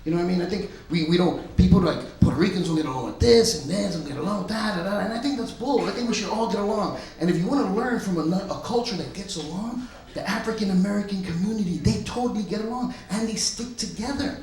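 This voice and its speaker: A male stand-up comedian telling stories in a loud, punchy way on a club stage. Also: high-pitched, fast. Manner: loud, punchy storytelling, often laughing. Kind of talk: stand-up set. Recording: echoey club room.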